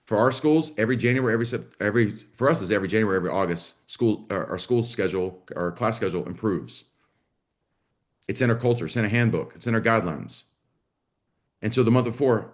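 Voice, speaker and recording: Speaking quickly in a lowish voice, this man coaches martial arts school owners during a live online session. He's blunt, salty and full of energy, frequently playing out both parts of a dialogue himself.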